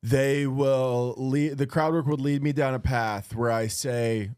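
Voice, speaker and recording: A male podcast host with a relaxed, wry way of talking, sitting in the middle pitch range. The recording is dry and close, with no room sound. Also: measured pace, clear, resonant tone, dry recording. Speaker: podcast host, stand-up comic. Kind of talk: casual chat.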